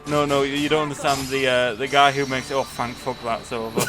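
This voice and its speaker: A man's voice: medium pitch, level tone. A man co-commentating a video game playthrough in casual chat, sarcastic and given to swearing. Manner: sarcastic, swearing, slow and deliberate. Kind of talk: casual let's play commentary. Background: game music.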